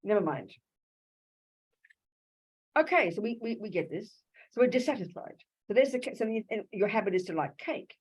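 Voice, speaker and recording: An Australian woman teaching Buddhism to a live audience in a lively, conversational way, often asking rhetorical questions. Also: medium pitch, moderate pace, pauses often, slightly rough, poor audio. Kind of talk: dharma talk to a live audience.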